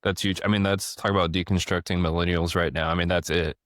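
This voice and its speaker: A deep-voiced man in his thirties hosts a podcast conversation. He tells animated stories and often restarts his sentences. His voice sounds close and dry, with no room echo. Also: fast. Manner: animated storyteller, frequent restarts. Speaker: podcast host. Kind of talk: casual conversation.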